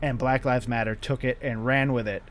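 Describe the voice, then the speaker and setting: An American man talks off the cuff over a game, rambling and frustrated, cursing freely and restarting his sentences. His voice sits at an everyday middle pitch, and a faint hiss of background noise runs under it. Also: steady tone, normal speed. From United States. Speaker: gaming channel host. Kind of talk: off-the-cuff commentary over gameplay.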